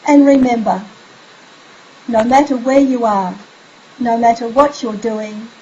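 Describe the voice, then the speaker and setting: Gentle higher-voiced woman. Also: fairly even intonation. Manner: drops to a soft, slow, sleepy voice when modeling bedtime phrases. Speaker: parenting coach. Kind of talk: instructional parenting tips. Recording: slightly dull recording with faint hiss.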